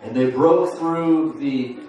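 A man's voice: medium pitch, slow pace, darkish tone. Folksy preacher man in his forties. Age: 40s. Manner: folksy storytelling with many fillers and restarts. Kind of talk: sermon. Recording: roomy far-off sound with faint noise.

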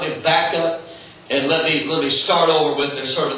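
A male pastor delivers a sermon in a bright, forceful voice, often stumbling and repeating words as he gathers his thoughts. He sounds distant from the microphone in a very echoey room, with faint noise behind him. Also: on the high side, fairly even intonation. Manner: halting, repeats words while searching.

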